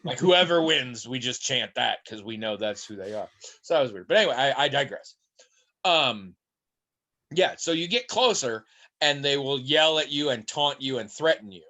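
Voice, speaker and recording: A man's voice: medium pitch, moderate pace. A man co-hosting a podcast, chatting casually and telling rambling stories with voices thrown in. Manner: rambling animated storytelling with mimicked voices. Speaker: podcast co-host.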